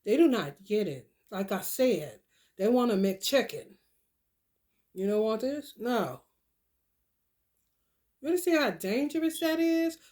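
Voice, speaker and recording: A woman ranting straight to her viewers in a casual, swearing monologue, calling them "y'all" and "honey" as she preaches. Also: sits high. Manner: animated, swearing, preachy rant. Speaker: vlogger.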